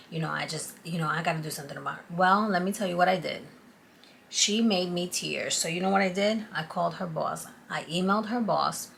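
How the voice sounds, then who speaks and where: A woman vlogger tells a personal story straight to the camera, animated and confiding. Her voice sits low and a little gravelly. A faint hiss of background noise runs under it. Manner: animated, confiding, acts out quotes.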